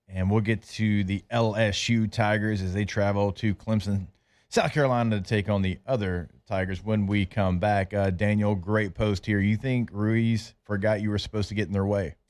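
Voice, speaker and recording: A man's voice: lowish voice, fairly even intonation. A man co-hosting a sports talk radio show who chats casually, keeps agreeing with his partner, and reads live ads. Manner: quick agreeing interjections, upbeat.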